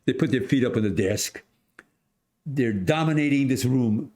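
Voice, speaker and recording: Centenarian male guest, lively storyteller, mid-pitched, plays the other people's lines. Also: normal speed. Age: 100s. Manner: animated storyteller, acts out voices, many restarts. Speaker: podcast guest. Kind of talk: storytelling in casual conversation.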